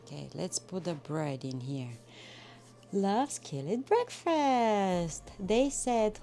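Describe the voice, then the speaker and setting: A woman chatting with her viewers while she cooks in a home kitchen, excitable and talkative, with some non-native phrasing. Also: medium pitch, slow. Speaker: cooking livestreamer. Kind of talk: casual live cooking chat. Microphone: phone.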